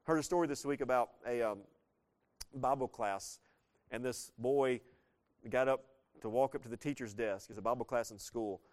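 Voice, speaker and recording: A pastor preaching a sermon in a relaxed, conversational way, often turning questions back to his congregation. His voice sits in a middle pitch for a man, and his loudness rises and falls as he drives his points home. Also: normal speed. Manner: lively preaching with frequent shifts in loudness.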